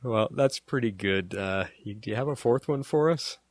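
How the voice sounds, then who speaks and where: A man's voice: on the low side, normal speed, no room sound. A man co-hosting a podcast in a laid-back, casual chat, chuckling often. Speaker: podcast co-host.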